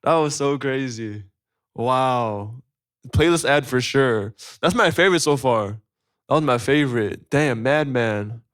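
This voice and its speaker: A man hosting a live stream, reacting to an album with excited, profane, joking chatter. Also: mid-range voice. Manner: excitable, profane, joking, rapid rating talk. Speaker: livestream host reacting to an album.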